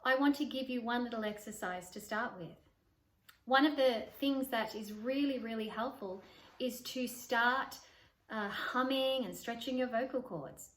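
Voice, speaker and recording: A woman voice coach giving an instructional talk to camera, demonstrating vocal exercises by shifting her pitch and volume. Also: a little slow. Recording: roomy echo.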